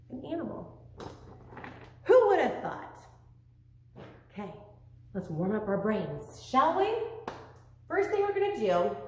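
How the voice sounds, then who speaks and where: Lively teacher woman, echoey room. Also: on the high side. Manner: sing-song, animated, questioning. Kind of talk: online lesson for young children.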